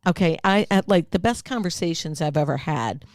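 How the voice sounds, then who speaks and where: A woman's voice: on the low side, animated, darkish tone, dry recording, studio quality. A woman from Western Massachusetts hosting a podcast, bubbly and eager, teasing her guest in casual chat. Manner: bubbly, eager, quick to laugh and tease. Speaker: podcast host.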